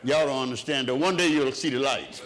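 A man's voice: mid-range voice, a little fast, fairly bright tone. A man preaching a sermon in a rhythmic way, asking the congregation questions and answering them himself.

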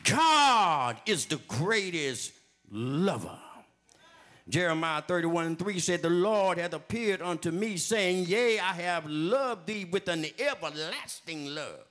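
A man preaching a sermon, speaking straight to his congregation, with repeated refrains that build up to shouting. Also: high-pitched, expressive, slow pace. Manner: addresses the congregation directly, calling for testimony.

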